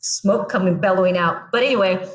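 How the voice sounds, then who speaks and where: A young adult woman, a podcast guest, telling her own story in a blunt, animated way and acting out what she said back then. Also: medium pitch, brisk. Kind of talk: casual storytelling.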